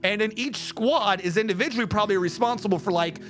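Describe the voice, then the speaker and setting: A man's voice: high-pitched, quick pace, over music. A man streaming a game, chatting in a casual, profane rant and explaining things step by step.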